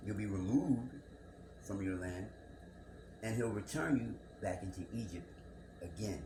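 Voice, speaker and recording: Deep-voiced man musing over scripture. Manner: musing, rhetorical questions, repeats words. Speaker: scripture commentator. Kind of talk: reflective bible commentary monologue. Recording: echoey room with background noise.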